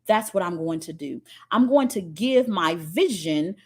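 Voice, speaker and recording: A woman voicing a calculating male farmer in a spoken parable, talking in a measured, matter-of-fact way. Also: on the low side, animated, a little mellow, pitched below the performer's own voice. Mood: planning.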